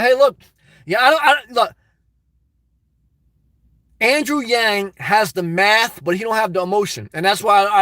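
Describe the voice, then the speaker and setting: A man hosting a livestream, reading chat and rambling in a crude, excitable, off-the-cuff way from inside his car. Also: sits high, dry recording.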